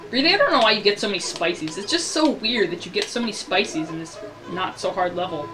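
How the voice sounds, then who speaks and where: A man's voice: sits high, expressive, brisk, over music. A man giving casual let's-play commentary, rambling and ranting about the game as he plays. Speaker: gameplay commentator.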